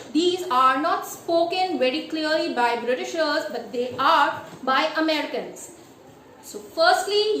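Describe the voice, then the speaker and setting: A woman teaching English pronunciation in a deliberate, emphatic way, checking in with her listeners with a rhetorical "yes?". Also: sits high, fairly bright tone. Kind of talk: instructional lesson. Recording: echoey room with faint ambient noise.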